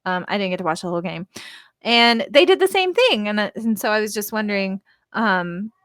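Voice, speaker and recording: A woman in her thirties co-hosts a live stream, chatting casually and rambling with frequent laughs and lots of fillers. Her mid-range voice is animated, a bit bright and a little fast. The recording is dry, with clean studio sound.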